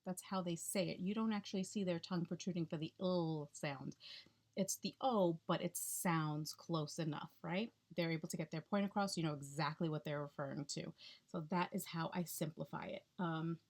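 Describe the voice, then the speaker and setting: A woman's voice: sits low, fairly even intonation, moderate pace. A woman speech-language pathologist explaining techniques in a chatty, instructional way, checking in with the listener often.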